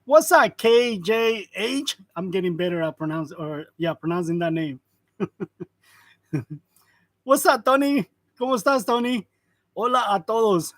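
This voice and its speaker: A man's voice: high voice, expressive, a little slow, long pauses, a bit bright, no room sound. A man in his forties hosting a casual live stream, greeting viewers by name and chuckling often between remarks. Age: 40s. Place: print shop. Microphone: wireless lavalier.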